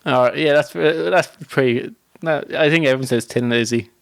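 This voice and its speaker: A man's voice: medium pitch, brisk, creaky, no room sound. An Irish man with a Dublin accent, co-hosting a podcast and arguing his point insistently in casual chat. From Ireland. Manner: argumentative, insistent. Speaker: podcast co-host.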